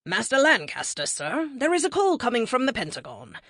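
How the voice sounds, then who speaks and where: A woman's voice: fairly high pitch, brisk, no room sound, clean studio sound, voice pushed up, full character voice. A woman doing a poised British AI butler. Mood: formal. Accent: upper-class British. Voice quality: calm, formal, unflappable. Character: refined male AI butler, upper-class British.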